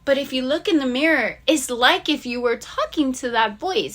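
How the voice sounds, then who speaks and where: Woman vlogger, higher-pitched, earnest and encouraging, casual motivational talk to camera. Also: bright, forceful tone. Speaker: YouTube vlogger.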